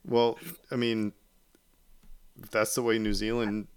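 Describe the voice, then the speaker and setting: A man's voice: lowish voice, little pitch movement, unhurried, background noise. A man hosting a podcast, chatting casually and rambling with many fillers and restarts. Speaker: podcast host. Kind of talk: casual chat.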